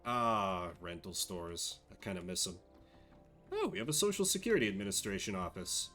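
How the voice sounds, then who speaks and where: A man's voice: low-pitched, sing-song, normal speed, sharp tone, faint music behind. A man streaming a game, making wry, dry asides as he reads the game text aloud in casual commentary.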